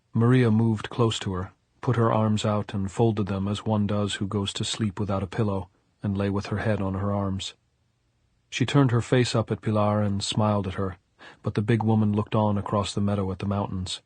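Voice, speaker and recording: Role: audiobook narrator. Sex: man. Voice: low and husky. Delivery: steady and measured. Sound: dry. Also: no echo.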